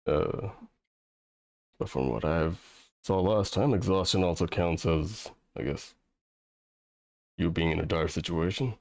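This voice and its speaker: A man narrating as game master over an online voice call, with a halting, filler-heavy way of talking. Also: deep voice, darkish tone, no room sound, clean studio sound. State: audio cutting out.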